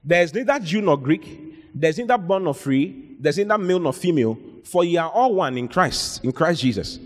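A man's voice: a little high, expressive, brisk. Exhorting male preacher in a reverberant hall. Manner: exhorting, calls out to the congregation, reads scripture aloud. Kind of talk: sermon with Bible readings.

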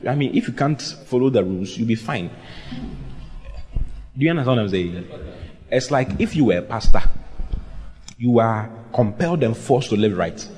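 A pastor with a medium-pitched voice preaches a sermon at a moderate pace, leaving long pauses. His delivery is animated: he acts out quoted voices and puts questions to the congregation.

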